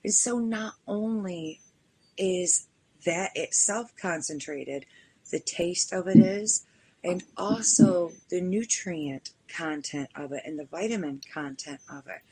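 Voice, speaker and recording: A woman's voice: fairly low pitch, lively intonation, slow, mellow, a little hiss or hum, rough recording. A woman hosting a podcast in casual chat, telling stories and acting out the exchanges she describes. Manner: storytelling, acts out quoted exchanges. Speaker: podcast host.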